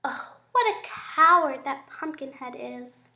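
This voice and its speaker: A squeaky, growling wooden sawhorse. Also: male voice, animated, takes it slowly, bright, forceful tone, exaggerated voice. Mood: scornful. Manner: growling, scornful, very high squeaky voice. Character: grumpy touchy male wooden sawhorse. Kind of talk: audiobook character voice.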